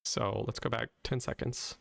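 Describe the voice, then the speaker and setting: A man's voice: medium pitch, steady tone, normal speed, creaky. A man from the southern United States with a light Southern accent, hosting a casual linguistics explainer and often checking in with "right?". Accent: light Southern American. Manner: conversational, checks in with "right?" after points. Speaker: linguistics video host.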